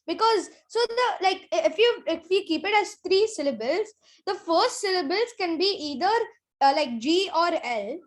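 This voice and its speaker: A young student, earnestly explaining an answer in class, saying "like" often. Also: female voice, extremely high pitch, animated, normal speed.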